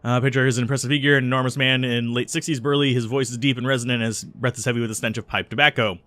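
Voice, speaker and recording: A man's voice: mid-range voice, fairly even intonation, racing, a bit bright, no echo. A man hosting a let's play, musing casually over a role-playing game and reading its text aloud, with frequent ums. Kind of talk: casual gameplay commentary.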